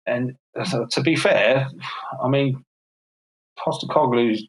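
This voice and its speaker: A man's voice: medium pitch, slow, echoey room, poor audio. A man with a London accent, co-hosting a casual football podcast, chatty and opinionated, laughing often. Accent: London English. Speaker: podcast co-host.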